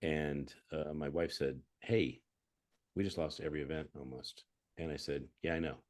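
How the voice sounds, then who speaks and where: A man with an extremely deep voice speaks as a guest over a video call. He tells his stories in an earnest, calm, self-assured way. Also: normal speed. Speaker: guest entrepreneur. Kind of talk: conversational interview.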